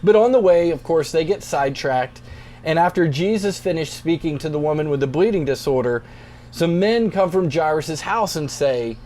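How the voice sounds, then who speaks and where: A young man, a youth pastor, reading scripture and then explaining it in a relaxed, conversational devotional talk. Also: fairly high pitch, moderate pace. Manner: relaxed, conversational, plainspoken encouragement.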